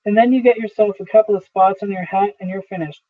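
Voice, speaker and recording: A man's voice: high voice, steady tone, fast talker. A man reading the part of a blunt older male neighbor who speaks earnestly and with emphasis. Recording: tinny phone-like audio.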